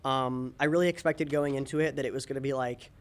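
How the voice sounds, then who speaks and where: A young man's mid-range voice, steady in tone and quick in pace. He's a student animator chatting casually on a panel about a class game project, easygoing and full of ums.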